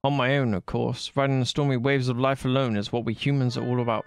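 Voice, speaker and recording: A man on a live stream reading a visual novel aloud in a playful way, tossing in quick asides between lines. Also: mid-range voice, little pitch movement, clear, resonant tone, dry recording.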